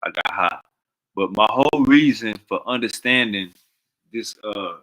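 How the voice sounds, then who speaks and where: A man hosting a live stream in casual chat, rambling and losing his train of thought, then getting loud and worked up. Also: medium pitch, lively intonation, unhurried, rough recording.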